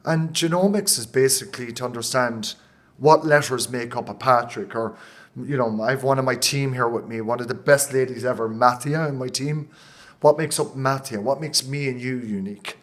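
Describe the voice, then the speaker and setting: Passionate Irish man, talking in bursts. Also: medium pitch. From Ireland. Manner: passionate, emotional, fast bursts with restarts. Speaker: company founder, guest. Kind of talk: interview conversation.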